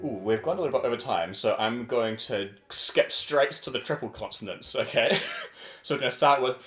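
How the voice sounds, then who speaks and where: A man leads a choir warm-up on a video call, chanting silly drills with playful, over-the-top energy. His voice sits at an ordinary pitch. The room is echoey, with faint music behind him. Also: expressive, moderate pace.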